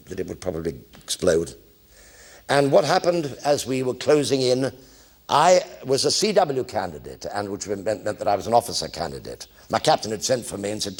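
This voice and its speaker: Older guy telling war stories on stage, wry, gravelly voice that swoops around a lot. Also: fairly low pitch. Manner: lively, wry, acts out voices. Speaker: storyteller in a one-man show. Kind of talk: anecdotal stage storytelling. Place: theatre stage.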